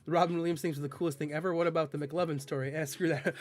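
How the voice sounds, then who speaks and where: A man's voice: on the high side, fairly even intonation, racing, faint music behind. A male streamer in casual live-stream chat, joking with his viewers and tripping over tricky words.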